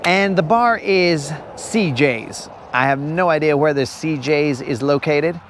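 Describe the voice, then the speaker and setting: A man's voice: a little high, measured pace, slight background noise. A man hosting a live fishing stream outdoors on a lake, joking with viewers in casual chat and calling them bro.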